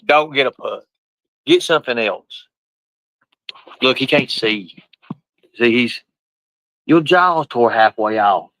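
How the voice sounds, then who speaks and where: A man talks loosely to his pets and viewers, with a bright, forceful tone. His speech is rough and colloquial, full of casual swearing. The sound is close and dry. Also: mid-range voice, expressive, takes it slowly, pauses often, no echo, rough recording. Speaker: live streamer. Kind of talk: casual live-stream chat.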